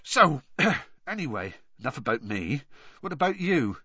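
A man voicing a huge, gentle half-giant groundskeeper who speaks in a husky, rough-edged way and talks in a folksy, heartfelt manner. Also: medium pitch, very animated, a little slow, no echo, pitched above the performer's own voice, heavily acted. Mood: wistful. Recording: dull lo-fi, dry.

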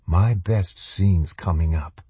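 A sinister demon in the shape of a young man speaks in a soft, pleasant, unhurried voice, as a male narrator plays him. The tone is husky and close, with a dry sound. It is a storybook reading. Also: deep voice, no echo, full character voice. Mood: soft menace. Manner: soft and gently coaxing. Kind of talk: audiobook character voice.

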